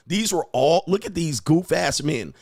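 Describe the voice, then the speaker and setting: Male host, AAVE, mocking trash talk, slightly high voice, dry sound. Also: animated, a little slow, gravelly, darkish tone, no echo. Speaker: show host. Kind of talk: casual commentary monologue.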